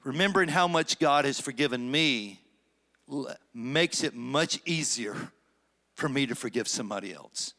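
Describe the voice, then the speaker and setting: A man preaching a sermon as pastor, swinging between loud emphatic stretches and low, conversational asides. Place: church sanctuary.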